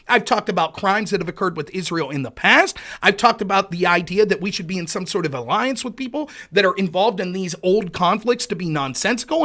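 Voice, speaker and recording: A man hosting a live stream, delivering a profane, sarcastic rant and taunting a listener, at times breaking into shouts. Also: high-pitched.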